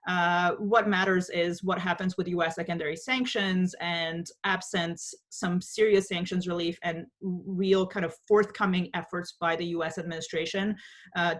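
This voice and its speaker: This is a woman with a fairly low voice giving panel remarks on a video call. She speaks in a measured, analytical way and hedges often with small fillers. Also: a bit bright.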